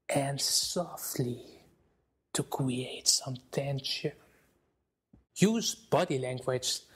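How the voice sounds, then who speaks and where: Speaking to camera, a man with a slightly high voice teaches presentation skills. He is expressive and deliberate, shifting between loud and soft.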